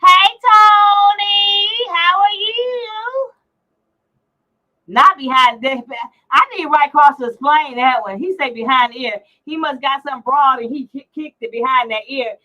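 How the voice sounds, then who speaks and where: A woman's voice: high voice, moderate pace, muffled recording. A middle-aged woman hosting a casual livestream chat, teasing and brash as she reads out comments. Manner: brash, teasing, salty language. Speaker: livestream host.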